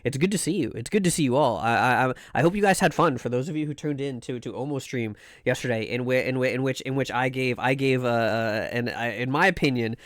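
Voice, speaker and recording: A man's voice: mid-range voice, brisk, hardly any pauses, no echo, studio quality. A man streaming live, greeting chat in a sing-song chant and rambling playfully, often stammering and repeating words.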